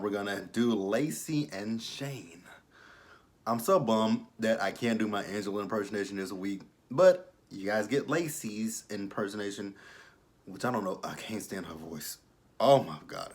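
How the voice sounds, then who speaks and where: Fired-up man ranting about reality TV. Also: fairly low pitch. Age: around 30. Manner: animated, profane, rambling asides. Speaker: reality TV reviewer. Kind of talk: casual commentary.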